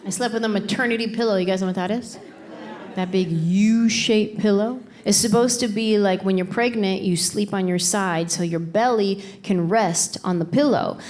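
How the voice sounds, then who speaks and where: A middle-aged woman doing stand-up comedy on stage through a handheld mic, telling her stories in an exasperated, animated, playful way. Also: medium pitch, moderate pace. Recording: live comedy show with laughing crowd. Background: audience laughter and applause.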